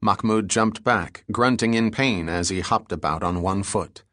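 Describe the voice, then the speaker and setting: A man narrating a thriller audiobook chapter in a steady, measured way. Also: fairly low pitch, no room sound, studio quality. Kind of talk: scripted narration.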